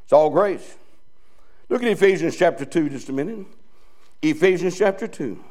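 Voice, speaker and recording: A man's voice: a little high, expressive, normal speed, a little mellow. A male pastor preaching a sermon in a folksy, joking way, full of restarts and chuckles. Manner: folksy, joking preaching with laughs and repeated starts.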